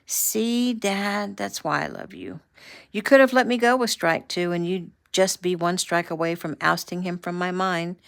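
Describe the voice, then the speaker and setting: A woman voicing a spirited, gun-savvy young woman who talks in a brisk, sassy, teasing way, in a read-aloud novel. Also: lowish voice, vocal fry, a bit bright. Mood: playful.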